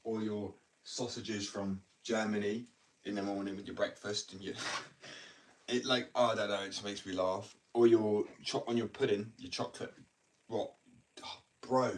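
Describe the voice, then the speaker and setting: Young British man, deep voice, loose rambling chat, off-mic. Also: fairly even intonation, measured pace, far from the mic. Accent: British English. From United Kingdom. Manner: rambling, self-mocking, swears casually. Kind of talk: casual chat. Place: at home, indoors.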